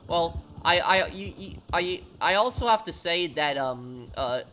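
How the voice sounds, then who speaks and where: A man's voice: a little high, lively intonation, a little slow, pushed and bright. A man streaming a game, chatting casually and answering chat questions, with frequent fillers and restarts. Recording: noisy game audio underneath.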